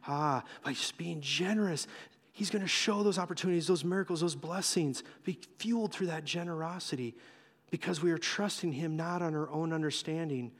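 Animated preacher man in a reverberant hall. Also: a little high, normal speed. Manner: animated storytelling, acting out voices. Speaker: pastor. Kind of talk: sermon.

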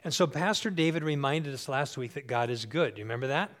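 In a church, a pastor in his sixties delivers a sermon in a conversational way, checking in with the congregation and repeating phrases for emphasis. His voice is medium-pitched, animated, and slightly bright, and he talks a little fast.

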